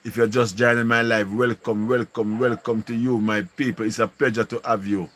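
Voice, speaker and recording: A man's voice: mid-range voice, level tone, moderate pace, a bit bright, a little hiss or hum. A man with a Jamaican accent hosting a casual live stream, greeting viewers and repeating slangy catchphrases. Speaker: livestream host.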